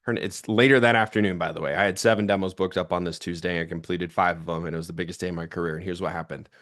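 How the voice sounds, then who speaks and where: A man in his thirties giving a lively sales training talk, chatty and energetic, acting out quoted phone calls in his stories. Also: low voice, very fast.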